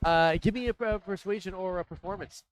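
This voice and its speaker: A man narrating as dungeon master, talking in a halting way with many fillers and restarts. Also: sits high, poor audio. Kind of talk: narrating a tabletop game.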